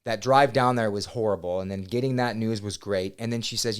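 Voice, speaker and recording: A man in his thirties, a podcast guest, telling a personal story in a casual, animated way with some swearing. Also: on the low side, fast talker, smooth. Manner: animated, swears, quotes himself loudly. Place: podcast studio.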